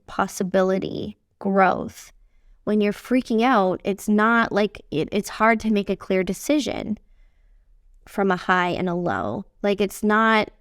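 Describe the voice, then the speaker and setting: A woman podcast host and business coach talking casually on her own, candid and swearing freely, slowing down and speeding up as she talks. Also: mid-range voice, clean tone, no room sound, clean studio sound. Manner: lively delivery that swings from fast bursts to slow, stretched phrases. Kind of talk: casual solo podcast talk.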